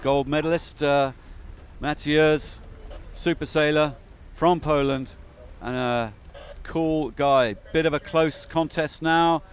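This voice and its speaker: A man's voice: on the high side, steady tone, takes it slowly, slight background noise. A man giving chatty, upbeat live commentary on a sailing race, with frequent fillers.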